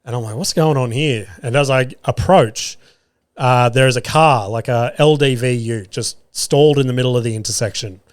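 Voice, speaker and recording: An Australian man in his young adult years hosts a podcast alone and rambles through an animated story, swearing freely. His voice sits at a middle pitch. The sound is dry and close, with no room around it. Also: normal speed, dry recording. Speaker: podcast host. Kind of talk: casual storytelling monologue.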